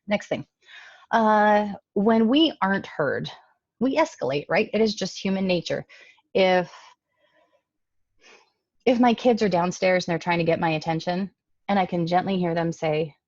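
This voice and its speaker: A woman's voice: mid-range voice, darkish tone, no echo. A middle-aged woman giving a conversational lecture, often checking in with "okay?" and "right?". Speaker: communication lecturer. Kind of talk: recorded lecture talk. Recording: dull, dry, lo-fi sound.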